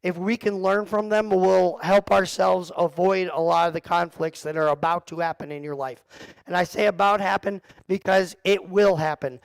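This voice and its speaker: A man's voice: high-pitched, fairly even intonation, normal speed, vocal fry, clear, resonant tone, dry recording, low-quality recording. A middle-aged man leading a church youth group, joking and teasing the kids as he teaches, speaking into a mic. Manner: joking, self-deprecating, talks to the kids in the room. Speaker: youth pastor. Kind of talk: casual youth group talk. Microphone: handheld or headset mic.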